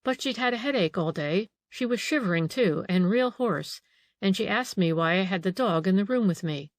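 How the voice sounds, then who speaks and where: A woman's voice: medium pitch, lively intonation, normal speed, no echo, lightly acted. A woman voicing a frightened middle-aged female housekeeper in an audiobook, anxious and eager to please. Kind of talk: audiobook character reading.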